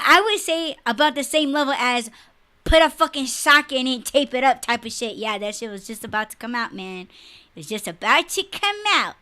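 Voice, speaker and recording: A young adult woman co-hosting a podcast livestream, ranting bluntly and profanely in a casual, animated way. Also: high-pitched. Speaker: podcast co-host.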